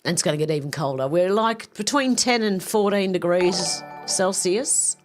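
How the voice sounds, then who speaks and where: A woman hosting a live stream, reading viewer comments aloud and reacting with quick asides. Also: lowish voice, soft background music.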